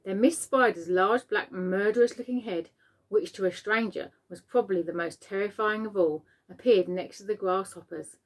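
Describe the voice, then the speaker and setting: A woman, a teacher, reading a children's book aloud with expressive storytelling. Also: medium pitch, moderate pace.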